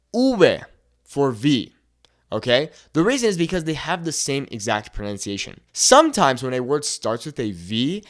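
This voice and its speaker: A young man teaching a language pronunciation lesson. He checks in with "okay?" after nearly every point and slows down to stretch out the example words. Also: medium pitch. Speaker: Spanish tutor.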